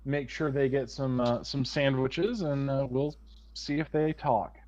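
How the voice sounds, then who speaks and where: A man's voice: mid-range voice, unhurried, darkish tone, dull audio. A man narrating as game master for a tabletop role-playing game, in an easygoing way with fillers and restarts.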